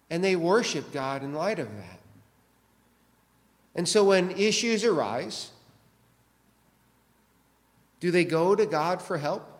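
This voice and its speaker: A man's voice: fairly high pitch, slow pace, long pauses, big-room sound. A man preaching a sermon as pastor, pressing his listeners with many rhetorical questions.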